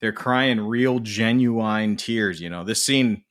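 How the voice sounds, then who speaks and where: Man, bright forceful voice, lively podcast chat. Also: on the low side. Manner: animated, swings into quick put-on voices. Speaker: podcast co-host. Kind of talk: casual film discussion.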